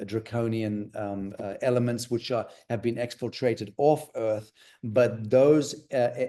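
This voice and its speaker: A man's voice: mid-range voice, mellow. A man speaking as an interview guest in a rambling, conversational way, full of fillers and restarts.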